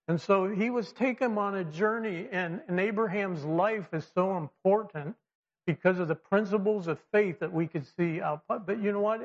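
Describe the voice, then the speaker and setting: A man's voice: high voice, normal speed. A man preaching a sermon in a conversational way, full of fillers and restarts, acting out quoted voices. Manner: lively, acts out quoted voices. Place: church or classroom with slides. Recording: dull lo-fi sound.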